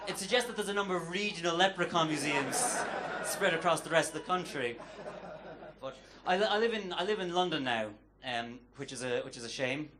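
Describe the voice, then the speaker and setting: A man's voice: on the high side, a little fast, noisy background. A man with an Irish accent doing a chatty, self-deprecating stand-up set on a comedy club stage, with hesitant restarts. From Ireland. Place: comedy club stage before a live audience.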